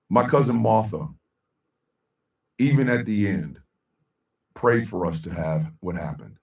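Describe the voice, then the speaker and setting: Middle-aged guy hosting a stream, slow heartfelt talk, lowish voice, sits back from the mic. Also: gravelly, far from the mic. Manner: heartfelt, slow, with long dramatic pauses; bursts into a loud shouted sign-off. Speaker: show host. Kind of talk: emotional live-stream talk to viewers.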